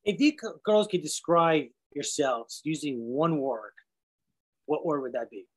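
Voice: mid-range voice, unhurried. A host interviewing guests, asking loose, rambling questions. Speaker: podcast host.

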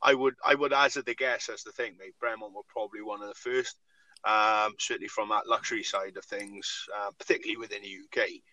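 Forceful, chatty man on a podcast. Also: fairly low pitch, steady tone, brisk, no room sound, rough recording. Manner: enthusiastic, peppers talk with "mate" and "you know what I mean". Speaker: podcast co-host. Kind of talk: casual chat.

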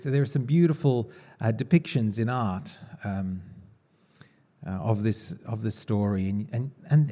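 A man's voice: mid-range voice, warm tone. A man preaching a sermon in a conversational way, asking the congregation questions.

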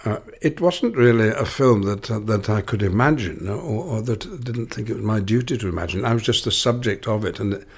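An older man with a Lancashire accent speaks in a fairly low voice, thinking aloud as an interview guest. He circles back and restarts his phrases as he reflects. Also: animated, creaky, breathy edge. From Lancashire, England. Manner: musing, halting, many restarts.

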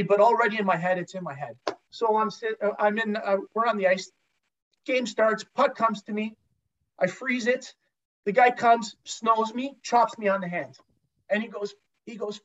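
A former pro hockey goalie telling a long, profane story as a guest in a casual chat, with lots of restarts. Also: male voice, sits high, normal speed, a little hiss or hum. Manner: profane, rambling anecdotes with many restarts. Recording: dull lo-fi sound.

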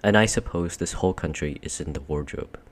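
A man voicing an earnest, decent eldest boy who leads his siblings, in brisk, well-spoken schoolboy talk. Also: very deep voice.

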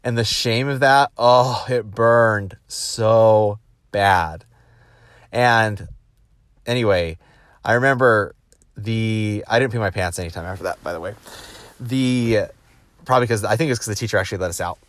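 Man, executive type, low voice, dry close sound, animated storyteller who mimics the people he quotes. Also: unhurried, dry recording. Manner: animated, acts out quoted voices, frequent restarts. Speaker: business executive giving a motivational talk. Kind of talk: casual motivational storytelling.

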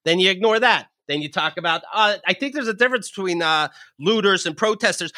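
A man's voice: high voice, lively intonation, fairly quick, few pauses, bright, forceful tone, dry recording, studio quality. A man co-hosting a podcast, ranting heatedly with lots of swearing in casual chat. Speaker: podcast co-host.

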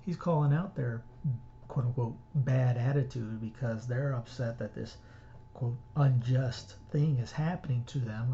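A man's voice: mid-range voice, unhurried, dark tone, lo-fi sound, slight background noise. A man hosting a show who gives casual religious commentary, blunt and exhorting, rambling with restarts.

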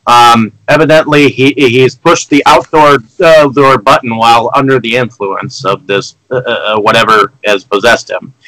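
A man talking casually about a movie, halting often with ums and restarts. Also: mid-range voice, a bit bright, no room sound, low-quality recording.

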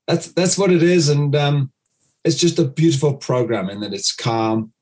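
Guy talking dog training, animated, acts out what owners say. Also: on the high side, normal speed. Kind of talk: interview guest explaining.

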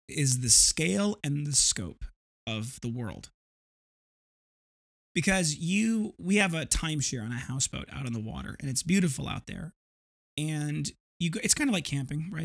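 A man's voice: mid-range voice, gravelly, fairly bright tone. A man in his thirties hosting a podcast, telling a rambling, vivid story with frequent restarts. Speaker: podcast host. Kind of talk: casual storytelling monologue.

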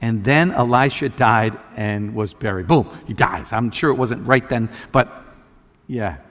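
A man preaching a sermon as a pastor, conversational with many restarts, building to loud emphatic peaks. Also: medium pitch, unhurried, big-room sound.

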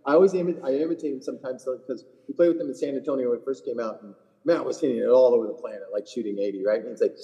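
A man's voice: medium pitch, very fast, hardly any pauses, dark tone, in a large hall, rough recording. A middle-aged man, a caddie co-hosting a podcast, telling stories in blunt, profane casual chat. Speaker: PGA Tour caddie, podcast co-host.

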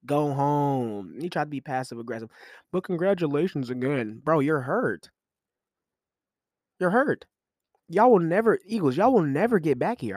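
A young man hosting a podcast, talking sports in loose, slangy, animated commentary with frequent laughs. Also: mid-range voice, no room sound, clean studio sound. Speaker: podcast host. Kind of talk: casual commentary.

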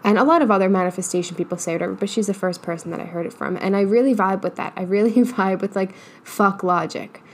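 A woman's voice: mid-range voice, fast, hardly any pauses. Candid, swearing woman podcaster. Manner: candid and profane, laughs often. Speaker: podcast host and business coach. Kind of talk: casual solo podcast monologue. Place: building in a big open area with trees and hills. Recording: faint background noise.

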